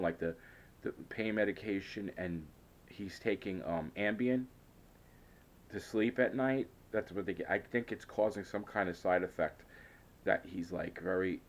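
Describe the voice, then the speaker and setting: A man telling a rambling, hesitant story in a casual vlog, often frustrated and full of restarts. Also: low-pitched. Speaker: vlogger.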